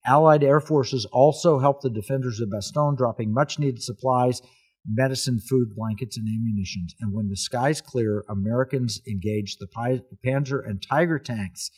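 A man's voice: mid-range voice, moderate pace, darkish tone, husky. A man hosting a casual talk, telling a history story in an earnest, emphatic way.

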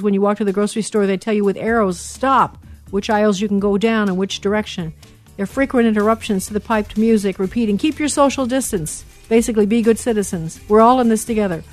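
A woman's voice: medium pitch, darkish tone, dry recording. A middle-aged woman hosting a talk radio show, reading listener messages in an earnest, emotional way with many fillers and restarts.

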